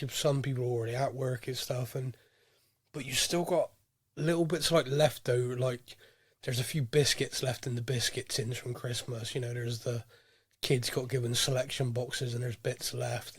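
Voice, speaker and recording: A man's voice: medium pitch, no echo, clean studio sound. A man hosting a podcast, chatting casually and a little nasal from a cold. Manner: chatty, rambling with fillers. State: head cold, a bit nasal. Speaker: podcast host. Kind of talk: casual chat.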